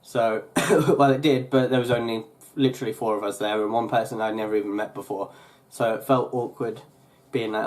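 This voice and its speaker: A man's voice: medium pitch, steady tone, brisk, few pauses, a little mellow. Rambling young man chatting on a vlog. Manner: rambling, full of fillers and restarts. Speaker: YouTuber. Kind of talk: casual vlog chat.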